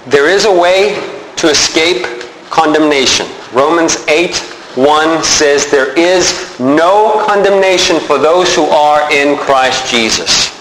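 Male pastor, high and lively delivery, faint background ambience. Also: slow, roomy sound, a little hiss or hum, rough recording. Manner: animated preaching, rising emphasis. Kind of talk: sermon.

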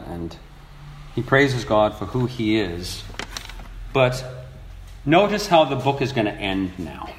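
A man preaching a sermon, reading scripture aloud and asking earnest rhetorical questions. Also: mid-range voice. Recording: echoey room.

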